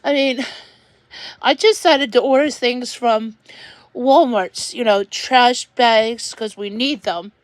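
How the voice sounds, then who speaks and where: Woman streamer venting, high voice, rambling and halting, dry close sound. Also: no room sound. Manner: rambling, halting, repeats words while venting. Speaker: livestreamer. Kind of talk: emotional livestream venting.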